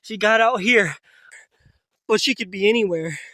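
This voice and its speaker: High-voiced man vlogging from a camp. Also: moderate pace, dry recording, studio quality. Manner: emotional, talks to his pets in a soft voice. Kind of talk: casual vlog talk to camera. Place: outdoor camp in the woods.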